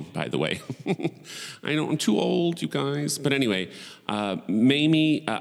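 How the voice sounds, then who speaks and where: A man's voice: low voice, in a large hall. A man in his forties hosting a podcast in casual solo chat, rambling and profane with wry asides. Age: 40s. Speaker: podcast host.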